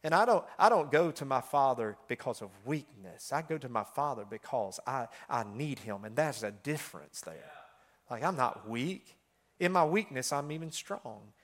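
A middle-aged man preaching a sermon in a chatty style full of fillers, swinging between loud passages and hushed ones. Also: medium pitch, animated, normal speed.

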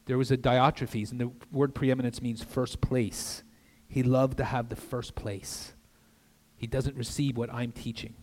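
An older man preaching an earnest sermon as a guest pastor in a church, with conversational asides and soft drops for emphasis. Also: mid-range voice, flat delivery, measured pace. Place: church sanctuary. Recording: long reverb of a church hall.

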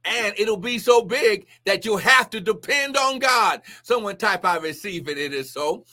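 A man preaching prophetically on a live stream, exclaiming often and swinging between shouts and hushed asides. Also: high voice, lively intonation, unhurried.

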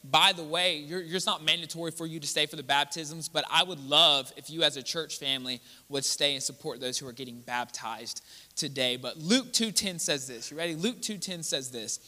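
Pastor, male, bright forceful sermon voice, reverberant sanctuary. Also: fairly high pitch, normal speed. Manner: earnest, building to emphatic preaching. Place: church sanctuary. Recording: church hall with long reverb.

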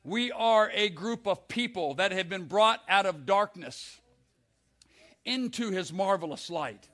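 An older man preaching a fiery sermon in a church, building up to shouts. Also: high-pitched, expressive, unhurried. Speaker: pastor.

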